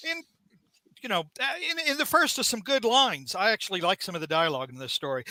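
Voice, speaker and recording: A man hosting a casual comic book review show, jokey and animated, acting out scenes as he recaps. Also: sits high, fast, no echo. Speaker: podcast host.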